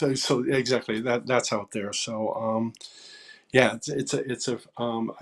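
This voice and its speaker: A man in his sixties, a songwriter guest, telling stories in a casual interview, halting with fillers and dropping to a whisper for quoted lines. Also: medium pitch. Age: 60s.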